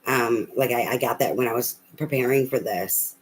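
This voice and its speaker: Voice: mid-range voice, moderate pace, a little hiss or hum, low-quality recording. Blunt, profane tarot reader. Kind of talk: casual spoken tarot reading.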